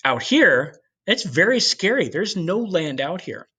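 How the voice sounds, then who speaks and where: A man giving a history lecture in an animated storytelling way, with casual asides to the class. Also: high voice, unhurried, husky. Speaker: history teacher.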